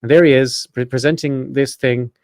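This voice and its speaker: A man hosting a podcast, reading from his notes in a casual, profane way and breaking off with quick asides. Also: medium pitch, steady tone, darkish tone, dry recording, clean studio sound. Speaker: podcast host.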